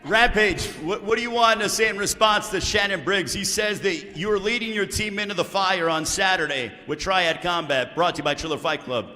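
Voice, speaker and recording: A man's voice: high voice, normal speed, few pauses, sharp tone, soft background music. A man hosting a press conference, moderating and trying to keep order in an announcer-like way. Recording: reverberant hall.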